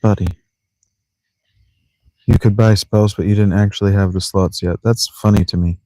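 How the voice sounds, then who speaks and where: A man with a lowish voice chatting his way through a video game, rambling and joking to himself and mangling words for fun. He talks from a sleeping bag in a tent. The sound is dry and close. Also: fairly even intonation, moderate pace, warm tone, no echo. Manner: rambling, joking self-talk with playful mispronunciations. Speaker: let's play streamer. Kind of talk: casual gameplay commentary.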